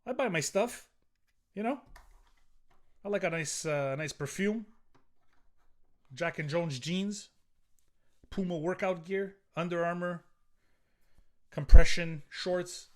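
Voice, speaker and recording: A man's voice: high-pitched, unhurried, pauses often. A middle-aged man hosting a solo podcast, ranting in a profane, rambling way with frequent restarts. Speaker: podcast host.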